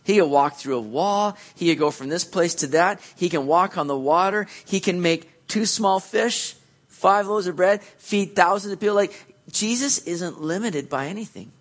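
A male pastor delivering a sermon in a slightly higher-than-usual voice. He tells the story with energy, slipping into the voices of the people in it, then settles into earnest encouragement. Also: normal speed. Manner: animated storytelling, acts out quoted voices.

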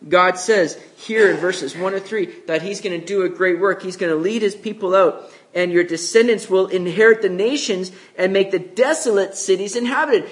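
In this expository sermon, a male pastor talks conversationally and voices the people in his story, his pitch jumping sharply as he does.

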